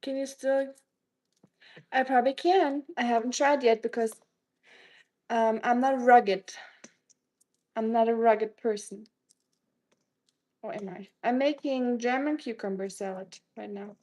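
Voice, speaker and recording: Woman streamer, casual chat, greets viewers by name, teasing jokes, home kitchen, slightly high voice. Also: fairly even intonation, unhurried, pauses often, a little mellow, low-quality recording. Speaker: live streamer. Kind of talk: casual live-stream chat while cooking.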